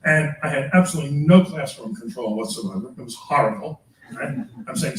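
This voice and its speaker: An older man, a priest, lecturing teachers in a chatty way, chuckling often and tagging his points with quick questions to the room. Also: mid-range voice, lively intonation. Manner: chatty, chuckling, tags remarks with "all right?". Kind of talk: lecture with personal anecdotes. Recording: echoey room, mic far off.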